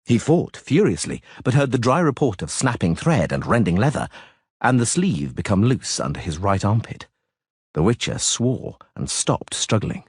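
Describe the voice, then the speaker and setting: Male audiobook narrator, husky, dry close recording. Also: moderate pace, no room sound. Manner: lower, steady narrating voice between voiced characters. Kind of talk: scripted narration.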